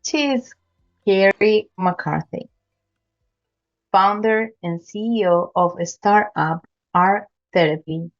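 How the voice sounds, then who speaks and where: A woman's voice: medium pitch, slow pace, muffled recording, soft background music. A woman hosting a podcast interview, earnest and complimentary toward her guest. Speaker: podcast host. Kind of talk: interview, formal introductions.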